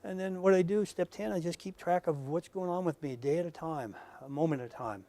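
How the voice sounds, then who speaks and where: A man giving a conversational lecture to a live audience, earnest and full of stories, dropping to a hush and then rising loud. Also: fairly high pitch, a little fast. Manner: earnest, storytelling, swings from hushed to loud. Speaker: lecturer at professional workshop.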